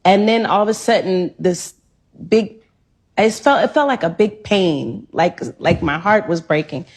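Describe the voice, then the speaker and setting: Woman guest, husky, emotional storyteller. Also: on the low side, expressive, measured pace, a little mellow. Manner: emotional, acting out quoted lines. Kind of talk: personal storytelling in an interview clip.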